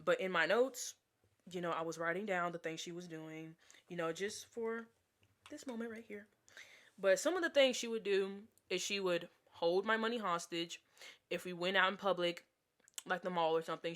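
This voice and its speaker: A woman's voice: on the low side, bright, forceful tone. A young woman telling a casual storytime vlog, chatty and exasperated, with lots of filler words. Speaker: vlogger.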